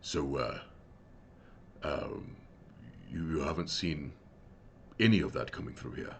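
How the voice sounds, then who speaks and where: A towering older man, worried and protective, talking low and hushed, as a man puts him on. His voice sits very deep and is kept quiet and earnest in a tabletop game scene. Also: takes it slowly, slight background noise, full character voice. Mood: hushed urgent.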